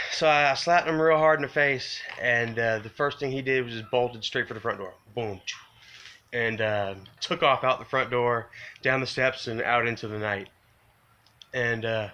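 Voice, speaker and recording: A man with a bright, forward voice recounts something he regrets, rambling and circling back on himself. He fills every pause with "you know" and "man". When the remorse surfaces, his pitch climbs and his voice strains. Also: clean tone, lo-fi sound. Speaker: vlogger telling a personal story. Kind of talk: confessional storytelling to camera.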